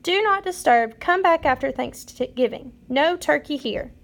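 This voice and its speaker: Woman doing a high, flustered fat turkey. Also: lively intonation, a little slow, vocal fry, full character voice. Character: nervous fat male turkey.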